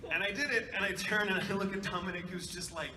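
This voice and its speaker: A man, a voice actor, telling lively anecdotes on a convention panel and dropping into accents as he goes. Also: high voice, fast talker. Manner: animated storyteller, jumping into accents and voices. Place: large convention hall. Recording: echoey hall, voice from far off, background noise.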